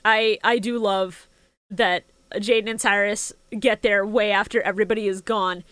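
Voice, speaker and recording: A woman's voice: mid-range voice, fairly even intonation, moderate pace, a bit bright, clean tone, no room sound. A young woman co-hosting a casual podcast chat, laughing often and swearing freely. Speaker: podcast co-host.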